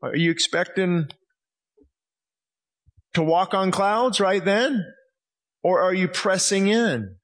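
Fervent high-voiced preacher man. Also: lively intonation, slow pace, pauses often. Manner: fervent, emphatic, repeats and restarts phrases. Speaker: pastor. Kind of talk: sermon.

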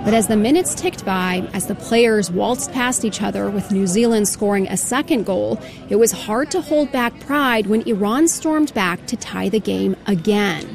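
A woman's voice: medium pitch, moderate pace, gravelly, few pauses. Woman news reporter over music. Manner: steady, vivid storytelling.

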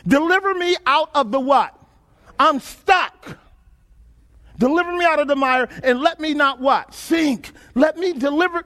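A man's voice: very high voice, fairly bright tone. A man preaching a sermon, emphatic and repetitive, asking his listeners questions and repeating phrases.

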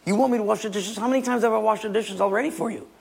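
A sulky, irritable husband, as a preacher puts him on moans sarcastically about chores in a high, strained voice. The voice sounds gravelly and husky, with a long hall echo behind it. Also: male voice, fairly even intonation, a little fast, exaggerated voice. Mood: sarcastic. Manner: sarcastic, grumbling.

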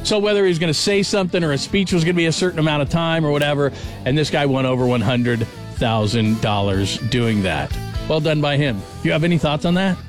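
A man hosting a sports radio show, excitable and full of big praise. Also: a little high, a little fast, faint music behind.

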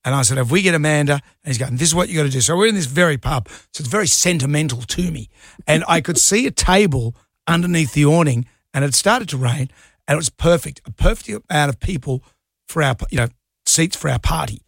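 A middle-aged Australian man rambles through an anecdote on air, laughing easily. His voice sits a bit high with a gravelly, husky grain. The studio sound is dry and close. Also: expressive, fairly quick, no room sound. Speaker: radio co-host. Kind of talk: casual on-air banter. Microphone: studio mic.

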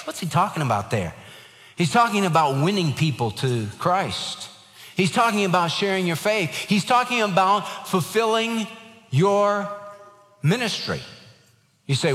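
A man delivers an earnest sermon, his fairly high voice carrying with emphatic weight. A long reverb trails each phrase, as in a large hall. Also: very animated, measured pace, fairly bright tone. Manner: earnest, emphatic preaching with a humorous anecdote. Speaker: pastor.

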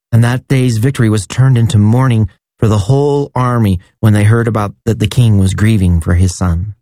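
A man giving a measured, solemn liturgical scripture reading. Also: fairly low pitch, warm tone, no room sound. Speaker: scripture reader.

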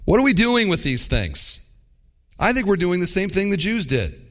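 A man's voice: high-pitched, very animated, normal speed. A man preaching a sermon as pastor, with wry mimicking asides.

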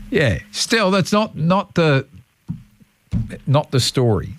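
Very slow and sing-song, a slightly high-voiced Australian breakfast radio host chats and jokes with a caller in the studio. A little hiss or hum sits under the studio microphone recording.

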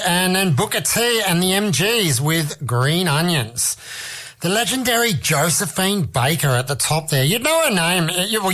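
A man with a somewhat high voice hosts a music radio show. He chats loosely between songs and keeps throwing in self-mocking asides. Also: a bit bright. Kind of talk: casual radio chat.

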